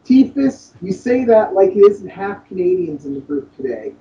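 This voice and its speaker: A man's voice: sits high, big pitch swings, moderate pace, mellow, slight background noise. A man co-hosting a casual podcast, making dry, sarcastic remarks. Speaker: podcast co-host. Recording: dull lo-fi mic.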